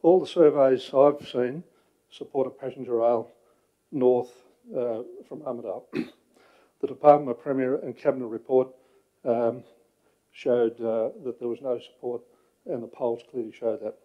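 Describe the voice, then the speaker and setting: A man, out of breath and halting, speaking as a ratepayers' representative at a council meeting. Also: medium pitch, steady tone. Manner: halting, frequent fillers, clears throat. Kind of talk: public address at a meeting. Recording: muffled council chamber audio.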